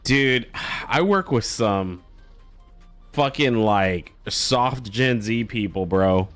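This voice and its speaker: A man's voice: fairly low pitch, slow pace, faint music behind. Profane, joking male streamer host. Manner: profane, jokey, bursts into loud excited laughter. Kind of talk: casual chat during a live game stream.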